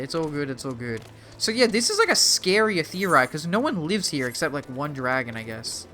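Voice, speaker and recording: A young Australian man with a bright, forward voice talks casually over his game stream. He is chatty and self-mocking as he answers chat, with faint music under him. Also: medium pitch. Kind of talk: casual gaming commentary.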